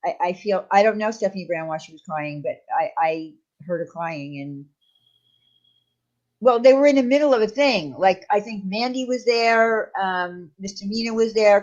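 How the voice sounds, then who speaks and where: A woman co-hosting a casual livestream chat, hesitant and often trailing off. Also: mid-range voice. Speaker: channel host. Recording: dull lo-fi sound.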